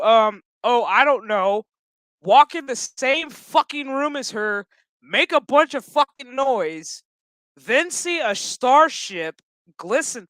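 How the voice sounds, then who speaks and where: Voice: high voice, dry recording. A speaker casually recapping a show episode, swearing freely in slang. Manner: profane, slangy, animated storytelling.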